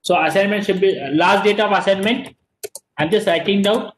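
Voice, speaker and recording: Indian male teacher, high voice, echoey. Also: fairly quick, slight background noise. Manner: repeats words, mixes Hindi and English. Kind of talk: online class lecture. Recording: echoey room.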